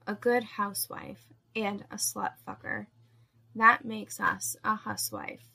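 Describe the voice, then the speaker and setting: A woman's voice: mid-range voice, steady tone, takes it slowly, vocal fry, pushed and bright, breathy edge, exaggerated voice. A woman voicing a cruel, domineering woman who barks contemptuous commands, in a storybook reading. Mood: stern, cruel.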